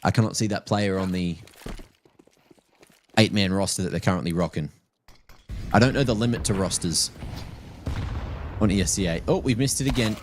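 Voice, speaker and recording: Brief: male play-by-play esports caster, lowish voice, joking and teasing between calls, faint noise behind. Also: normal speed, long pauses. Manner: playful, teasing asides. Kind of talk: live esports play-by-play commentary.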